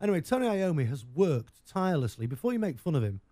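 A chatty English man on the radio, rambling from one joke to the next. His pitch swings widely as he talks, with a mellow, warm tone. The sound is close and dry. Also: sing-song, fast, no echo. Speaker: radio show host. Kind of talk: casual on-air banter.

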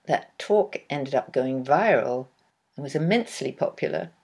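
A woman hosts her own evening radio talk show. Her voice is low and slightly husky. She delivers a measured, reflective scripted monologue. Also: lively intonation, a little mellow.

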